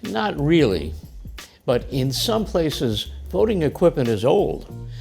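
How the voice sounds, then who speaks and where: A man's voice: on the high side, very animated, slow pace, gravelly, darkish tone, soft background music. American man explaining with chuckles. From United States. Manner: plain explanatory, chuckles between remarks. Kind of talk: scripted lesson dialogue.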